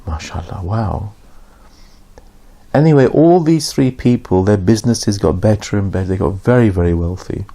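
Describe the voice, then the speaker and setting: A man's voice: lowish voice, expressive, normal speed, gravelly, dark tone. A man giving an informal religious lesson, telling stories conversationally and acting out the dialogue. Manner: conversational storytelling, acts out dialogue with raised voice. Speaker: Islamic teacher.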